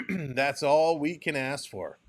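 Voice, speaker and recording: A man's voice: a little high, animated, normal speed, fairly bright tone, soft background music. Chatty male live stream host. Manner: chatty, rambling, talks straight to viewers. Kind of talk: casual play-by-play and chat reading.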